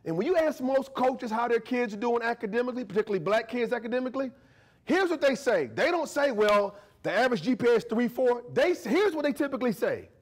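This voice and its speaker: Animated high-voiced male lecturer. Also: fast. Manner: animated, joking, often checks in with the audience. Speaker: history professor giving a guest lecture. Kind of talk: lively conversational lecture. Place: university lecture to a live audience.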